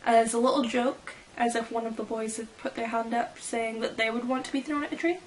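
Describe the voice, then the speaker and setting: A woman's voice: fairly high pitch, steady tone, fairly quick, a little hiss or hum. A woman chatting casually as a fan vlogger, reading fan fiction quotes aloud and giggling about how people would react. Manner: giggly and playful.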